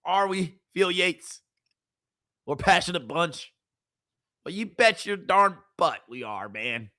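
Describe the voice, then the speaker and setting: A woman streamer giving casual, animated sports commentary, full of rhetorical questions and slang. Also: lowish voice, takes it slowly.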